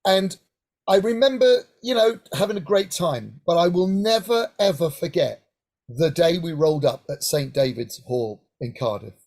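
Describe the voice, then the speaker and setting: A middle-aged man from Hampshire, England, telling lively stories in an interview and often checking in with "right?". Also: on the high side, moderate pace. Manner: animated anecdotal, frequent "right?" asides. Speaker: guest singer-songwriter. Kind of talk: casual interview storytelling.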